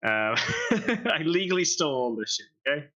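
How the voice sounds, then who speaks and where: A man's voice: a little high, expressive, brisk, bright, forceful tone. A man playing in a tabletop game, joking around and swearing casually. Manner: jokey, laughing, swears casually. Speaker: player. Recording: dull lo-fi mic.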